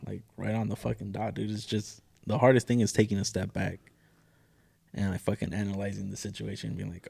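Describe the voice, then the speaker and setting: Low gravelly man talking casually. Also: flat delivery, a little fast, a little mellow. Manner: laid-back, slangy, says dude a lot. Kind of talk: casual podcast chat.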